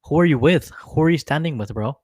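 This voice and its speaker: A man's voice: fairly high pitch, expressive, fast talker, darkish tone, breathy edge, dry recording, clean studio sound. A young man co-hosting a casual political chat, laid-back and agreeable, casually profane and fond of saying "bro.". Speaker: podcast co-host.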